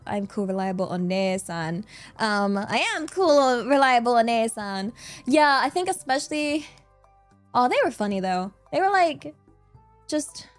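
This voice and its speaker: A young British woman streamer chatting casually with her viewers, bubbly and giggly as she reads out the chat. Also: sits high. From Britain.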